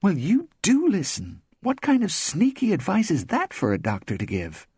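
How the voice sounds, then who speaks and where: A woman's voice: on the low side, huge pitch swings, moderate pace, a little mellow, slightly rough, no echo, studio quality, pitched above the performer's own voice, full character voice. A man voicing a blunt, sarcastic woman friend. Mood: indignant.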